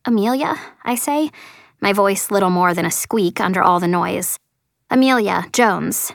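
A woman's voice: medium pitch, expressive, measured pace, creaky, dry recording, studio quality. A woman reading a first-person story as an audiobook narrator, earnest and lightly voicing the dialogue.

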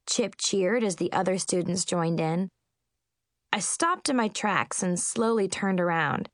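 A woman narrating a first-person storybook in an expressive, comic way. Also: fairly low pitch, a little slow, dry recording, clean studio sound. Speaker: audiobook narrator.

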